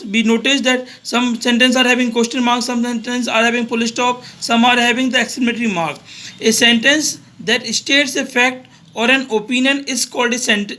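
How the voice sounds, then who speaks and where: A man's voice: extremely high pitch, bright, forceful tone. A male teacher going through a grammar revision lesson for young students, reading each example aloud and then explaining it simply.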